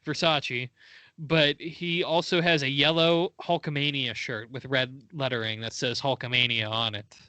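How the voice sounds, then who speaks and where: A man's voice: medium pitch, fairly even intonation, moderate pace, pushed and bright, dry recording. A man co-hosting a casual podcast chat, laughing often and playfully mimicking wrestlers. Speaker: podcast co-host.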